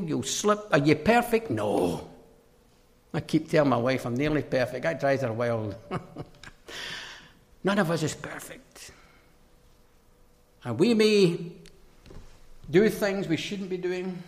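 A man delivers an emphatic sermon, his high voice leaping up and down as he drops from ringing declarations to near-hushed asides. He repeats key phrases for weight. His words trail off into the long reverb of a big hall. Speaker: preacher.

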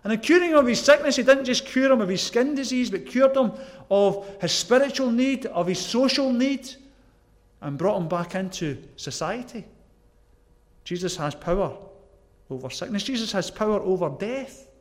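A man's voice: sits high, lively intonation, moderate pace. A man from Scotland with a Glasgow accent preaching a sermon, earnest and emphatic, asking the listeners questions. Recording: long echoey hall reverb.

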